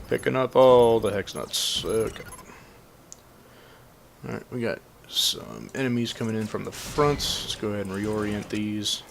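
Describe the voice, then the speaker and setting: A man casually commenting on a game while he plays, matter-of-fact and relaxed. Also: lowish voice, unhurried, vocal fry, slight background noise. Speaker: gameplay commentator.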